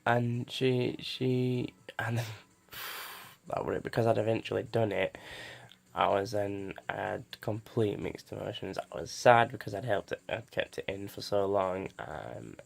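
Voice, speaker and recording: A young man telling a personal story to camera, halting with many restarts and fillers. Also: on the low side, creaky. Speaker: vlogger.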